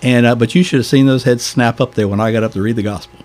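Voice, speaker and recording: A man's voice: medium pitch, steady tone, fast talker, a little mellow. An older man with a Southern American accent, a deacon telling stories in a folksy, chuckling way during a podcast interview.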